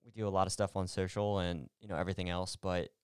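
Laid-back man with a very deep voice. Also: flat delivery, fast, darkish tone, clear, resonant tone, dry recording, clean studio sound. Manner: laid-back, hesitant, many fillers. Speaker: podcast co-host. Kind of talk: casual couple chat.

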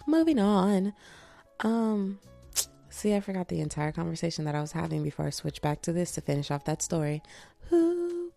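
A woman's voice: low-pitched, gravelly, mellow. A young woman in her twenties hosting a casual podcast from bed, tired, loose and profane, slipping into voices when she quotes people. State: fatigued. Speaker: podcast host. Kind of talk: casual chatty podcast monologue. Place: lying in bed indoors.

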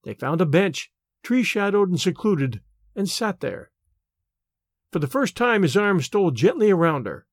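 A man narrating a classic short story in an expressive storytelling manner. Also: sits high, unhurried, no echo, studio quality. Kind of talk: audiobook narration.

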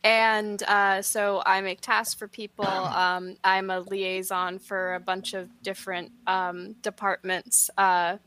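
A woman game producer talks as a podcast guest. Her voice is bright and sits dry and close to the mic. She explains things in a friendly way, with lots of ums. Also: mid-range voice, flat delivery, slow, hardly any pauses, smooth, no room sound. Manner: friendly, with many filler ums. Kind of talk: casual podcast interview.

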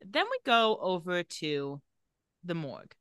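A woman with a bright, forceful voice walks through a TV episode scene by scene for her co-host. She speaks close to the mic in a dead, dry room. Her delivery is chatty, and she laughs now and then. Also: lowish voice, measured pace, clean tone, dry recording. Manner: narrates plot, reads lines in flat put-on voices, laughs often. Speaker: podcast co-host recapping a TV episode. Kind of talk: casual recap chat.

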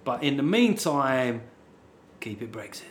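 Bloke hosting his podcast, mid-pitched, dry sarky jokes, swears a lot. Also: big pitch swings, measured pace, music in the background. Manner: sarcastic and sweary, with dry asides. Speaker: podcast host. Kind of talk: casual podcast chat and sign-off.

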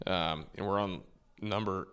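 A man, a tour caddie, telling a story in a relaxed, rambling way and correcting himself as he goes. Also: low-pitched, measured pace, smooth. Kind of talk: casual storytelling.

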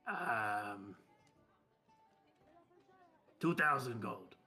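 A pushy old gun merchant, hard of hearing, who barks at customers to speak up and talks up his wares like a huckster, as a man puts him on. He is pitched near an ordinary man's middle range, with faint music behind. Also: lively intonation, very slow, slightly rough, heavily acted. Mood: salesy. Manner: salesy, shouts to be heard.

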